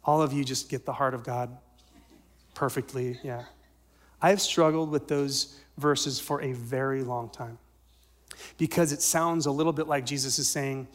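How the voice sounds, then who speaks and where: A male pastor giving a sermon, swinging from loud emphatic lines to soft near-whispers and asking the congregation questions. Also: medium pitch, fairly even intonation, a little slow. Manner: asks the congregation rhetorical questions.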